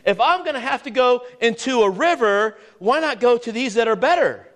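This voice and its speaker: Pastor, male, high and very animated voice, emphatic preaching, throws rhetorical questions at the room. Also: moderate pace. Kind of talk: sermon.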